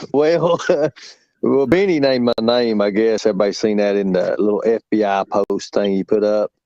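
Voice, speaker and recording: A man's voice: medium pitch, no echo. A man hosting a casual live chat, joking crudely and laughing with his friends. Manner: loud, crude, laughing banter with drawling Southern-style slang. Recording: dull lo-fi stream audio.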